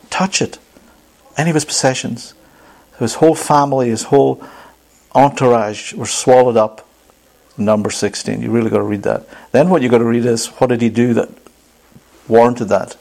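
Male pastor, low and gravelly, emphatic sermon delivery that questions the congregation. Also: darkish tone.

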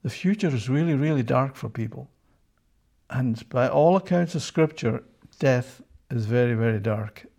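A man's voice: mid-range voice, moderate pace, creaky, a little mellow. A man teaching a Bible passage in sermon style, emphatic and repeating key phrases, often checking in with his listeners. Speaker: preacher.

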